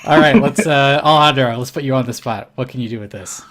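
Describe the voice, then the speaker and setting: A man's voice: medium pitch, fast, a bit bright. A man hosting a casual podcast chat, upbeat with hesitant fillers. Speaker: podcast host.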